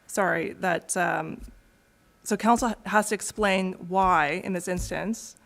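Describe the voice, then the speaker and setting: A woman on a town council, raising a pointed objection in formal debate, halting with fillers and restarts. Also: lowish voice, creaky, a bit bright. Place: council chamber.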